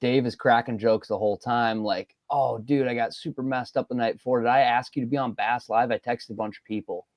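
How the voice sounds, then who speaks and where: A man's voice: medium pitch, steady tone, brisk, hardly any pauses, dry recording, studio quality. A man co-hosting a podcast, telling a story with lots of energy, acting out quotes and laughing often. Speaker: podcast co-host. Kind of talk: casual podcast banter.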